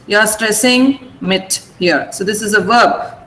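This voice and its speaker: A woman's voice: mid-range voice, unhurried, fairly bright tone, echoey room, a little hiss or hum, poor audio. A woman with an Indian English accent, an English teacher who explains pronunciation patiently and has students repeat words. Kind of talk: online vocabulary class.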